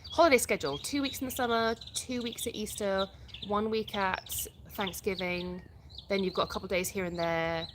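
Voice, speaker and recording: An English woman hosts a relaxed live stream and chats her way through viewer questions one by one. Her voice sits at an ordinary middle pitch, and she restarts sentences as she goes. Faint birdsong drifts along behind her. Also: normal speed, background noise. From England. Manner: reads viewer comments aloud and answers them, chatty with restarts. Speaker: livestream host. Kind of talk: casual live-stream chat.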